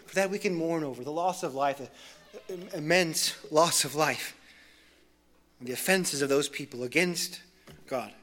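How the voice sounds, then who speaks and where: A man preaching an expository sermon in an earnest way, building intensity through lists and then dropping soft. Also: a little high, unhurried.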